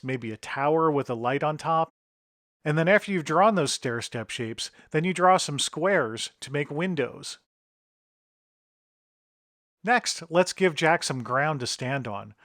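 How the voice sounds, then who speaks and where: A middle-aged man talks through a drawing tutorial one step at a time, in an instructive tone. His voice sits a little higher than most men's, and the recording is dry and close. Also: fairly bright tone, dry recording. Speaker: author and illustrator.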